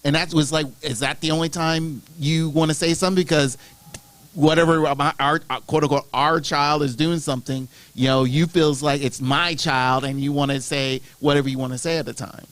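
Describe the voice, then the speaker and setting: A man in a casual podcast chat, talking in halting restarts with an exasperated tone. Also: a little high, fairly even intonation, a bit bright, dry recording. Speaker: podcast co-host.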